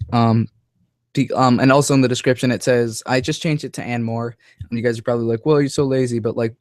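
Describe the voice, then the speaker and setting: A man's voice: mid-range voice, a little mellow, no echo. A young man hosting a live stream, chatting casually and rambling with many fillers and restarts. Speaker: host of a live toy-review show.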